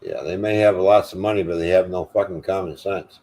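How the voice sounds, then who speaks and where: A man's voice: sits low, steady tone, fairly quick, dark tone. An older man hosting a livestream, delivering an angry, profane, defiant rant. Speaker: livestream host.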